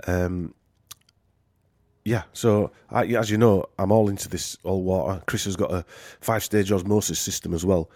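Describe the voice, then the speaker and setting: Rambling Yorkshire man, lowish dry voice. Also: fairly even intonation, moderate pace, a little mellow, dry recording. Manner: rambling, joking, many fillers. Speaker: podcast host. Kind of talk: casual podcast chat.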